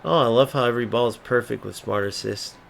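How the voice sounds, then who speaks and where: A fast-talking man with a creaky, mid-range voice streams his football video game with ranting, profane commentary. His anger spills out in outbursts aimed at mocking opponents, with muttering filling the gaps.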